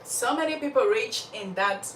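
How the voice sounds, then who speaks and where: Animated woman telling a faith story. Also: on the high side, normal speed, roomy sound, distant mic, a little hiss or hum, poor audio. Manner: animated, laughs often, talks straight to listeners. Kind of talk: faith-based storytelling with life lessons.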